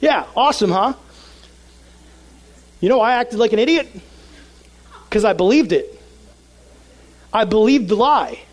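Young man preaching, high voice, animated storytelling, energetic sermon. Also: unhurried, long pauses, low-quality recording. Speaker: youth pastor.

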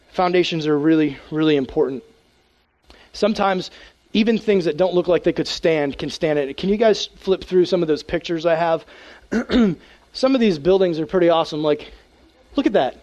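A man, a youth pastor, preaching a casual, animated sermon to teens and acting out prayers in a hushed voice. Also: on the high side, brisk.

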